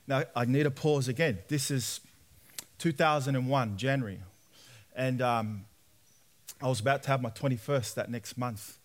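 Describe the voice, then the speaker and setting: In a medium-pitched voice at normal speed, a young Australian preacher shares his testimony in a sermon. He narrates his own story animatedly and acts out the voices of those he quotes.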